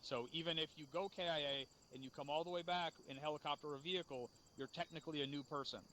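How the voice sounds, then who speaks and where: A man's voice: fairly high pitch, steady tone, fast talker, bright, forceful tone, a little hiss or hum. A man leading a game unit's after-action debrief, blunt and profane as he scolds. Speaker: unit leader.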